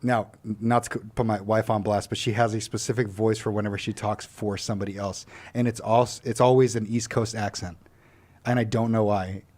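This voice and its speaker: A man's voice: fairly low pitch, level tone, a little fast, darkish tone. A man co-hosting a live talk show, reading viewer comments aloud and laughing easily in casual chat. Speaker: co-host.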